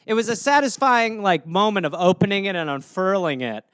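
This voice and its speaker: A man's voice: high-pitched, animated, brisk, a bit bright, clean tone, no room sound, clean studio sound. A man hosting a solo comedy podcast, rambling through jokes and poking fun at himself. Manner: rambling, self-mocking jokes. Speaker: podcast host.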